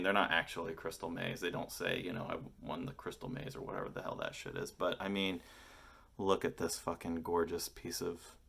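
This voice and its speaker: A man's voice: low-pitched, creaky, a bit bright. An American man in his thirties chatting casually to camera, rambling and enthusiastic, swearing freely. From United States. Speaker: vlogger.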